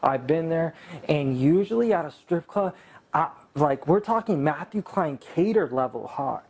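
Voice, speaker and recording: A man from California telling a casual anecdote in a boastful, profane, animated way. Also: a little high, unhurried. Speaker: storyteller.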